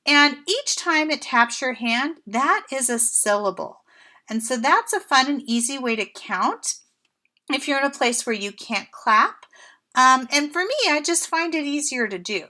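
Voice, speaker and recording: A woman teaching a first grade class from home, speaking slowly and clearly with an encouraging teacher's manner. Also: sits high, sharp tone. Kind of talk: remote lesson for young children.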